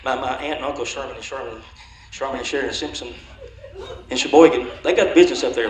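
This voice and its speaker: A man's voice: mid-range voice, fast talker, crowd noise. A man doing folksy comedy banter on stage, rambling and chuckling through tongue twisters. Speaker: comedy show performer. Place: convention dinner show hall. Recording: echoey hall on stage mic.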